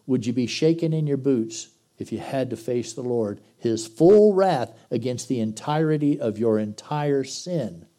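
A middle-aged man preaching a sermon as pastor, folksy and blunt, moving between loud exhortation and quiet intensity. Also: on the high side.

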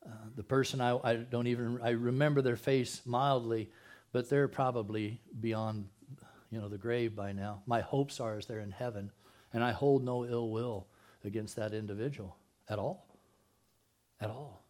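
A man's voice: mid-range voice, fairly even intonation, normal speed, darkish tone. A man preaching a conversational sermon as pastor at a church service, asking the congregation questions and dropping jokey asides.

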